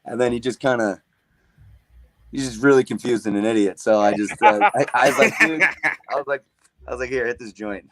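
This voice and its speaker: A man's voice: mid-range voice, brisk, long pauses, a bit bright. A man, a guest on a podcast, telling stories in a loose, profane way and saying "dude" a lot. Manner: laid-back, profane, says "dude" a lot. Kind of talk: casual storytelling.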